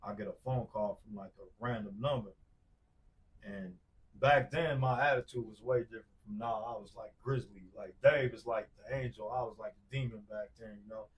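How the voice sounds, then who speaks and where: A man's voice: fairly low pitch, fairly even intonation, brisk. Slangy man on a distant mic. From Wisconsin. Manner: loose, slangy, many fillers and repeated "bro". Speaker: podcast guest. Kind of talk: casual storytelling chat.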